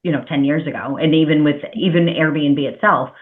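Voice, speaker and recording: A woman's voice: deep voice, fairly even intonation, brisk. A woman hosting a podcast interview, talking in long, rambling, hedging turns. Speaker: podcast host. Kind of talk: casual interview chat. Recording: tinny phone-like line.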